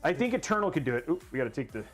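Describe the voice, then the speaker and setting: A man hosting a casual livestream while building a PC, excitable and rambling as he hypes the viewers' goals. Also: on the high side, rapid-fire, faint music behind.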